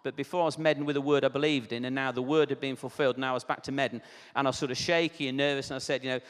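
A man's voice: medium pitch, fairly even intonation, very fast, hardly any pauses, in a large hall. A man preaching a sermon, telling a personal testimony in a conversational, storytelling way with asides.

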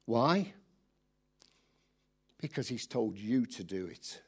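A man preaching a sermon in a lively, animated storytelling way, acting out voices as he goes. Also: medium pitch, takes it slowly, husky.

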